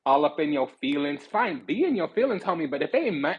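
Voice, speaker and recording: A man giving a sassy, animated tarot reading, blunt and swearing freely. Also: on the high side, fairly quick, vocal fry, few pauses, slight background noise, poor audio. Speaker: spiritual card reader.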